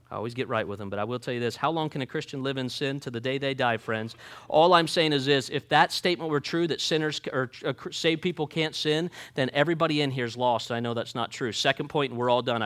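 A man preaching a sermon, folksy and joking, swinging from quiet asides to loud emphatic points. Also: medium pitch, brisk. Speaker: pastor.

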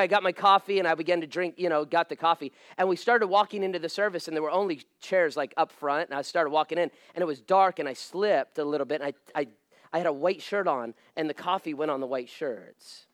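A man in his thirties, a pastor, telling a humorous story from the pulpit, self-mocking and animated. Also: on the high side, smooth, no echo, studio quality.

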